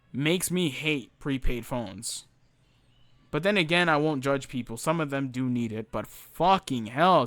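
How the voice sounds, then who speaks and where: A man's voice: on the high side, fairly bright tone, dry recording. A young man ranting casually about his old retail job, swearing often and restarting his sentences. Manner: profane, ranting, frequent fillers and restarts. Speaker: former retail worker telling stories. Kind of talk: casual storytelling rant.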